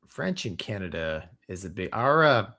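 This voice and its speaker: A man's voice: fairly low pitch, sing-song, moderate pace, pushed and bright. A man co-hosting a casual pilot chat show, telling a story in a laid-back, slangy way full of dude.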